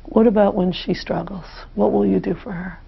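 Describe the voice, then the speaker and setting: A woman therapist, calmly and steadily guiding a client through an exercise, on a dull lo-fi recording. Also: mid-range voice, moderate pace, gravelly, breathy edge. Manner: calm, directive, steady.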